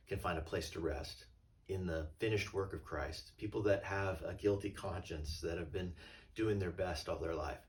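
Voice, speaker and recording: A male pastor giving a relaxed, conversational sermon and retelling a parable. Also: deep voice, far from the mic. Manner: conversational and storytelling.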